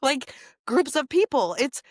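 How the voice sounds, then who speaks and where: Animated, sarcastic woman with a higher voice. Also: measured pace, no echo, studio quality. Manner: animated, sarcastic, many asides and fillers. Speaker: rabbi, podcast guest. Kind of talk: casual conversational interview.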